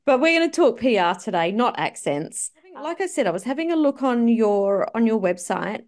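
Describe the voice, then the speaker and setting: A woman with an Australian accent hosting a podcast interview, chatty and quick to laugh. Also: medium pitch, a little mellow. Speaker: podcast host. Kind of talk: casual interview chat.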